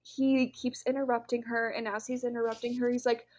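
Young woman, podcast co-host, casual animated chat, slightly high voice. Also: a little fast. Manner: chatty, animated retelling with lots of fillers.

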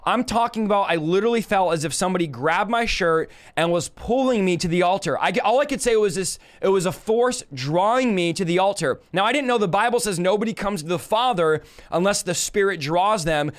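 Male preacher, 30s, high and resonant voice, emphatic live-stream testimony. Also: fairly quick, hardly any pauses. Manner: fervent, emphatic storytelling with repeated phrases; talks straight to live viewers.

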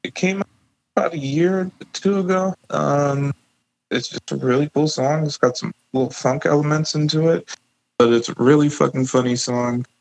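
A man's voice: on the high side, moderate pace, gravelly, no room sound, poor audio. A man co-hosting a casual podcast, joking around loosely and swearing freely. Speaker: podcast co-host. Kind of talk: casual chat.

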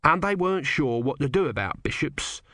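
A man's voice: fairly high pitch, very animated, moderate pace, bright, forceful tone, no room sound, clean studio sound, heavily acted. A man doing a chatty street hawker. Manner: chatty, wheedling sales patter. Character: shifty male street trader, chatty salesman.

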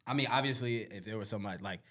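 A man co-hosting a casual podcast, telling con stories in relaxed slang and perking up when he acts out what people said. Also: lowish voice, racing. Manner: laid-back slangy storytelling, animated when acting out quotes. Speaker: podcast co-host.

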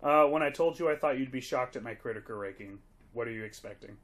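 A man's voice: mid-range voice, quick pace, fairly bright tone. A man with a mid-range voice, co-hosting a casual film podcast. He chats with open enthusiasm, swears freely and laughs a lot. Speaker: podcast co-host reviewing films. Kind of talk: casual chat.

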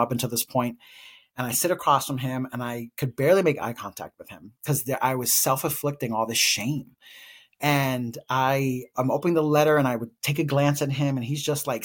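A man's voice: medium pitch, husky. A man co-hosting a podcast, telling a personal story in an earnest, reflective way, openly emotional. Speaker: podcast co-host.

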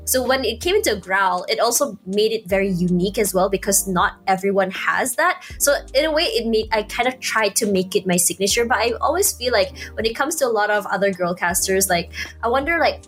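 A woman shoutcaster from Malaysia, speaking with an American-sounding accent and a naturally high-pitched voice, chatting casually as a podcast guest with lots of "you know" and "like" fillers. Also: animated, fairly quick, soft background music. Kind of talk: casual podcast chat, giving advice.

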